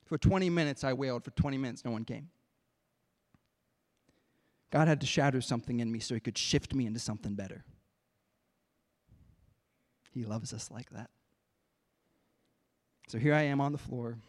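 A male pastor preaching a sermon, telling a personal story with strong emotion, swinging between hushed pleading and loud, intense passages. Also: medium pitch, normal speed, pauses often.

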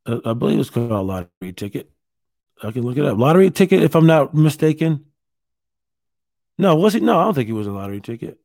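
A stand-up comedian from Ohio telling a candid story to camera from a hotel room, pausing often and restarting his sentences. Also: mid-range voice, sing-song, gravelly, a little mellow, no room sound, studio quality. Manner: halting, many fillers and restarts, candid.

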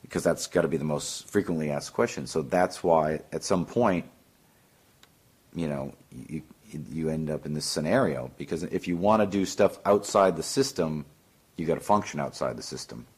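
A man's voice: very deep voice, moderate pace, darkish tone, husky. A man, a filmmaker, answering interview questions in a rambling, matter-of-fact way.

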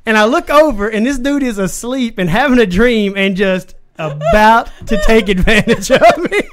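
A man's voice: high-pitched, expressive, normal speed, a bit bright. A man co-hosting a podcast, telling rambling anecdotes in casual chat with lots of fillers. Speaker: podcast co-host.

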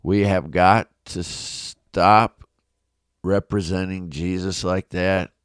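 A middle-aged pastor with a very low, resonant voice tells a personal story on his devotional podcast. He talks slowly and earnestly, often restarting his sentences. The sound is dry and close, from his home studio. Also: steady tone, clean tone, dry recording. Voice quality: big coach's voice.

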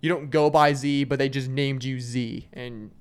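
A young man from Arkansas hosts his own podcast, chatting alone in a loose, joking way. He trips over fillers and restarts as he goes. His voice sits in the middle of a man's range and sounds smooth and full. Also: mid-range voice, steady tone, normal speed. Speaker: podcast host. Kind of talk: casual solo chat.

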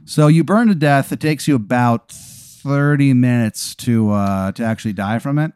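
A man hosting a podcast, telling an improvised absurd story in an animated, deadpan way. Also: medium pitch, moderate pace, smooth, no echo. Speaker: podcast host.

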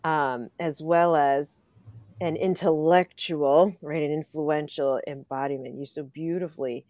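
A woman's voice: sits low, steady tone, unhurried, darkish tone, no echo. A woman host in a casual interview, effusive and gushing, with her voice swooping up and down. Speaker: podcast host.

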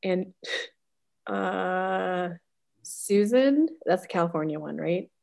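A woman's voice: fairly low pitch, animated, slow, creaky, a little mellow. Chatty woman podcast co-host. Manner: chatty, laughs often, acts out her reactions. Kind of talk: casual chat.

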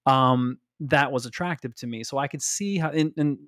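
Mid-pitched man musing on a podcast. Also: moderate pace, fairly bright tone, no room sound, studio quality. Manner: speculative, talks in long run-on explanations. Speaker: podcast co-host. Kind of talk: casual chat.

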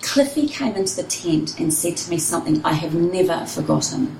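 A woman's voice: fairly low pitch, animated, fairly quick, creaky, mellow, echoey room, far from the mic, slight background noise, low-quality recording. A woman, a personal trainer and runner, telling her story candidly and expressively in an interview.

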